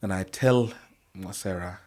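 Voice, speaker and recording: A middle-aged man with a Kenyan accent, telling a long story as a podcast guest in an animated, conversational way and slipping in Swahili phrases. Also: low voice, measured pace. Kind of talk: storytelling in casual chat.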